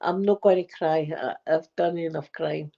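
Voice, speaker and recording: A middle-aged woman with a Scottish accent chatting warmly and emotionally to her viewers, close to tears and short of breath. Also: low-pitched, fairly even intonation, normal speed, creaky. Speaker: ASMR channel host. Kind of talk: casual heartfelt chat to viewers. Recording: dull lo-fi recording.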